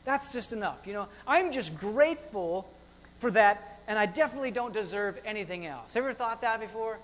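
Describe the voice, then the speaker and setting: Male pastor, high voice, energetic conversational sermon, church reverb. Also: normal speed. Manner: animated, repetitive, conversational preaching with rhetorical questions.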